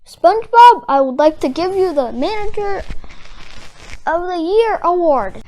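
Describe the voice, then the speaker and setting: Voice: extremely high pitch, big pitch swings, a little slow, darkish tone, pitched above the performer's own voice, exaggerated voice. A reader doing a panicky crab boss. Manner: dramatic, wailing. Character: panicky middle-aged male crab restaurant owner.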